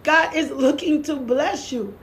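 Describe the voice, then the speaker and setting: A woman's voice: high-pitched, unhurried. A middle-aged woman preaching a sermon, fervent and exhorting, repeating her lines with bursts of laughter.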